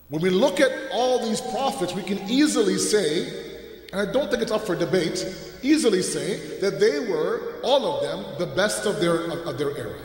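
A man with a loud, booming voice gives an earnest, animated sermon with humorous asides, his mic held away from his mouth. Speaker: religious lecturer. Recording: echoey hall with long reverb.

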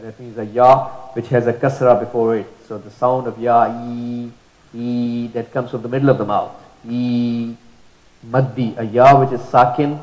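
A man's voice: medium pitch, darkish tone. Patient male teacher in an echoey room. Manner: patient, repeats and drawls out letter sounds as demonstrations. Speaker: Quran recitation teacher. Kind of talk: explanatory lesson.

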